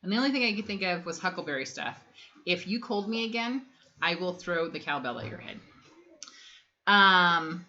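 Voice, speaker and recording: A woman's voice: on the low side, lively intonation, normal speed, long pauses, pushed and bright. A woman in her thirties co-hosting a casual family livestream, chatty and rambling, reading viewer comments aloud between lots of ums. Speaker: livestream co-host reading chat. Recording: dull lo-fi stream audio.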